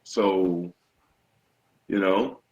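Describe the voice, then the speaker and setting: A man's voice: sits low, drawn-out words, darkish tone, dull audio. A man chatting casually as a podcast guest, laid-back and blunt, with a shrugging, profane way of talking. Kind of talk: casual chat.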